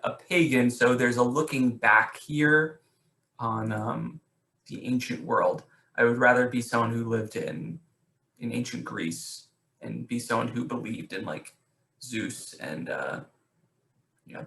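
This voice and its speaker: A male teacher leads an online poetry class, his voice bright and ringing in an echoey room. He stops and restarts often and keeps asking his students questions. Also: medium pitch, creaky. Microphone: video call.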